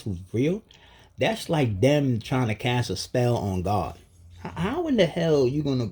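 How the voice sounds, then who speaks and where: A man vlogging in a casual, emphatic rant full of street slang, with a husky voice. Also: mid-range voice, dark tone. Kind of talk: casual monologue.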